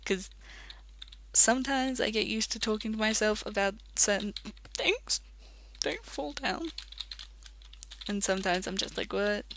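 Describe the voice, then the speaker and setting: An Australian let's play commentator rambling casually while gaming, chatty and quick to laugh. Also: mid-range voice, a bit bright, a little hiss or hum.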